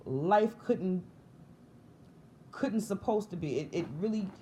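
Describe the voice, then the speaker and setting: A woman's voice: medium pitch, lively intonation, takes it slowly, dark tone, slight background noise. A woman in her thirties telling her spiritual awakening story in a vlog, earnest and emotional, often restarting and repeating herself. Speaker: vlogger sharing a spiritual testimony. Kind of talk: personal storytelling to camera.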